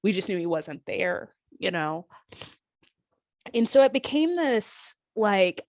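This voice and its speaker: A woman's voice: lowish voice, unhurried, no room sound. A woman in her thirties, a guest on an interview podcast, telling her story candidly and emotionally, acting out what others said. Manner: emotional, candid, quotes others in lively voices. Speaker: guest, former pro wrestler.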